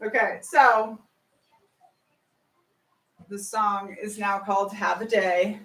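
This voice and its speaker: A woman pitching her musical in casual chat, breaking into sung and chanted lyrics. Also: fairly even intonation, takes it slowly, fairly bright tone, far from the mic. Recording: roomy, from off mic.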